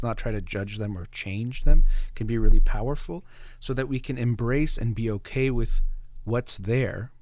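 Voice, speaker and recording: Calm, reflective male therapist type; lower voice, dry close studio sound. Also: dry recording. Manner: calm, reflective, explains with examples. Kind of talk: conversational explanation on a talk show.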